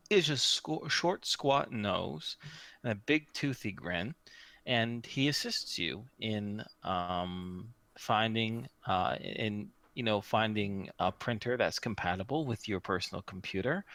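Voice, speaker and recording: Man, game master, slow rambling narration, bright voice, dry close sound. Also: medium pitch, creaky, no echo. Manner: slow, rambling descriptions with fillers.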